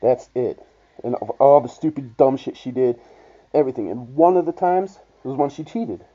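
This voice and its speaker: A young man tells his own story in a loose, rambling way, swearing freely and stumbling over restarts. His voice is very dark and mellow. The audio sounds dull and lo-fi. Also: medium pitch, moderate pace. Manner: profane, blunt, rambling with restarts. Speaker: vlogger. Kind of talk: casual storytelling monologue.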